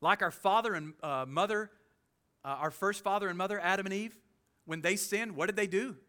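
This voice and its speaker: A man with a Southern US accent preaching a sermon as pastor, animated, with quick humorous asides. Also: high voice, clean tone. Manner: animated preaching, with sudden loud jokey voices and soft asides.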